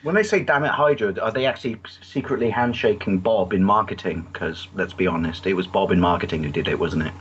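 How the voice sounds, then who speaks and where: A man's voice: low-pitched, brisk, few pauses, slightly rough, muffled recording. A man bantering as a guest, rambling and teasing with a joking manner. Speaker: guest vlogger. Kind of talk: casual banter.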